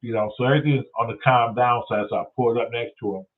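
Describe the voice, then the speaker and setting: A man's voice: mid-range voice, fast talker. A man hosting his own show, telling stories in a casual, profane rant and acting out what people said. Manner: profane, animated storytelling with acted-out quotes. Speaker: host. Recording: tinny phone-like sound.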